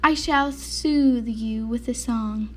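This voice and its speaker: A woman's voice: on the high side, takes it slowly, darkish tone. A woman voicing a small, cheerful male mouse who is eager to help. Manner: chirpy, eager, bustling.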